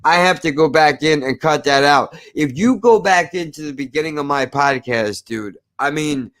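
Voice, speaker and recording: A man's voice: a little high, expressive, normal speed, fairly bright tone. A man from New Jersey hosting a podcast, ranting emphatically in casual chat, repeating himself and swearing. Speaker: podcast host.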